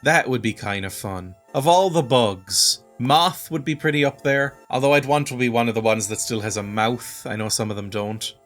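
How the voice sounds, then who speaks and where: A man talks through a video game in a dry, sardonic way, chuckling at it often. His voice sits at an ordinary middle pitch, and faint music plays behind him. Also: normal speed, hardly any pauses, fairly bright tone. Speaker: let's play host. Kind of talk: game commentary.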